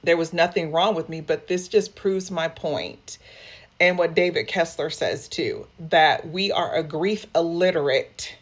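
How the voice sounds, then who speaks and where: A woman's voice: fairly low pitch, a little slow. A woman who works as a grief counselor, speaking candidly and emotionally to her viewers and often calling them y'all. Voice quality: emotional, open, addresses listeners as y'all. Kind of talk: candid personal talk to viewers.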